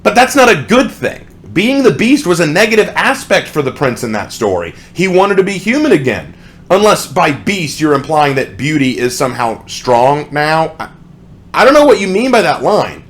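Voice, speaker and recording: A man's voice: a little high, very animated, moderate pace, a bit bright. A young adult man ranting sarcastically as a song reviewer, with exasperated commentary.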